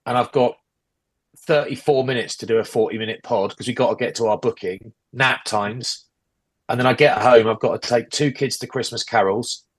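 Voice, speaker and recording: A harried British dad, a podcast co-host, rants quickly and in exasperation during a casual chat, his medium-pitched male voice slightly rough. He rambles rapidly while indoors at a relative's house, recording on AirPods earbuds.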